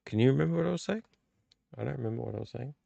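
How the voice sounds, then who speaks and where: A man with a gravelly, creaky mid-pitched voice hosts a late-night live stream, rambling from one thought to the next and poking fun at himself. He sounds a little tipsy from the beer, and his voice comes across close and dry, with no room echo. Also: lively intonation, rapid-fire, dark tone, highs cut off. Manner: rambling, chatty, self-deprecating. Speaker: livestream host. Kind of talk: casual live-stream chat.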